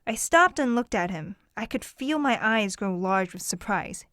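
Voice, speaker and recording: A woman narrating a children's mystery audiobook in the first person, with clear, expressive storytelling. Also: mid-range voice, measured pace, dry recording, studio quality.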